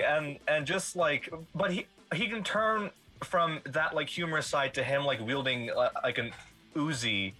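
Enthusiastic bright man on podcast. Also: a little high, measured pace, faint music behind. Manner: enthusiastic, animated quotes, laughs often. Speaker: podcast panelist. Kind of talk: casual film discussion.

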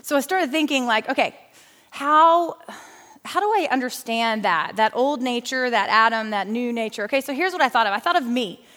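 A middle-aged woman teaching a lively church Bible lesson in a chatty, animated way, talking straight to her listeners. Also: fairly high pitch, moderate pace. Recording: long hall reverb.

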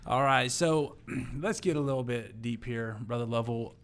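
A male host interviewing a guest, asking questions in a lively, prompting way. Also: medium pitch, normal speed. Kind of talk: casual interview.

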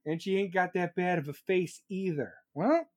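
A man's voice: high-pitched, a little slow, darkish tone, no echo. A man hosting a podcast, riffing casually on the live chat with crude jokes and swearing. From United States. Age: adult, still working. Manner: profane, joking, rambling banter.

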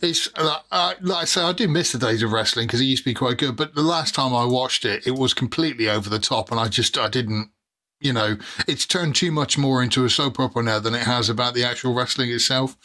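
A middle-aged man hosts a loose podcast conversation, his voice notably bright and forward. He talks in a chatty, jokey way, trailing off into fillers as he goes. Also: mid-range voice, a little fast. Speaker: host. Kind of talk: casual podcast chat.

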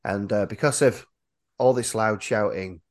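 A man hosting a horror movie podcast, talking casually in a hoarse voice after losing it, joking and stumbling over his words. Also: on the low side, measured pace. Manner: jokey, self-deprecating, stumbling restarts. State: hoarse, lost voice. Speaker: podcast host.

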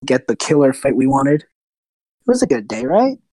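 A man plays a kind male half-elf bard, a gentle mentor who speaks softly and sincerely. The voice sits at an ordinary middle pitch and sounds close and dry. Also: big pitch swings, normal speed, dry recording, rough recording. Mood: warm. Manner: soft-spoken, earnest advice.

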